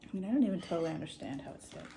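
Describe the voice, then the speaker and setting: A woman's voice: fairly low pitch, lively intonation, racing, mellow. A young woman chatting casually and joking while crafting at home with a friend. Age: young adult. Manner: playful, jokey, laughs often. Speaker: vlogger. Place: home, indoors.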